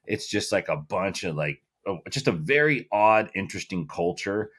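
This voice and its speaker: A middle-aged man co-hosting a podcast, talking in a loose, profane, rambling way with plenty of fillers. His pitch sits a little low and moves around a lot. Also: expressive, moderate pace, fairly bright tone, breathy edge. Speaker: podcast co-host. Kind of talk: casual chat.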